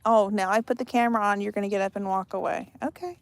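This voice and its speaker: A woman's voice: medium pitch, steady tone, quick pace, few pauses, no echo. A middle-aged woman talks casually to her camera while outdoors with her backyard chickens. She is chatty and laughs often. She trails off and repeats her words as she tells stories. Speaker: homesteading vlogger.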